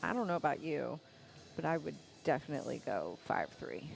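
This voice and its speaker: A co-commentator at a pool match who talks in a lively, casual way and laughs a lot. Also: medium pitch, brisk, creaky, soft background music. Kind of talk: casual live sports commentary.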